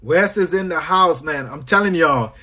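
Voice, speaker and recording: This man from Trinidad and Tobago, a business coach taking questions on a livestream, talks at a normal speed in a fairly high, expressive voice that sounds bright and forceful. Friendly and talkative, he greets people by name and loops back to the same phrases.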